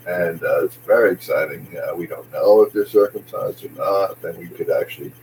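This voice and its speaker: A man's voice: low voice, moderate pace, creaky, darkish tone, a little hiss or hum, rough recording. A man rambling through a jokey comic monologue, jumping from one tangent to the next. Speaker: comedian host.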